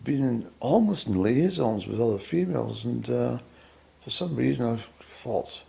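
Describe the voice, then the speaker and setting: A man with a Scottish accent rambles at home in a solo fireside-style monologue. His voice is gravelly and mellow, and he pauses often, musing wryly and halting over his words. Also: mid-range voice, expressive. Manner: wry, musing, halting with many fillers. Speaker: vlogger.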